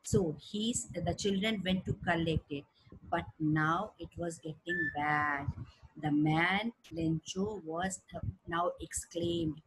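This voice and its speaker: A woman's voice: lowish voice, breathy edge, low-quality recording. A woman teacher with an Indian English accent, reading a story aloud and explaining it in simple words. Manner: reads a passage aloud, then explains it simply; slow, careful teaching tone with fillers.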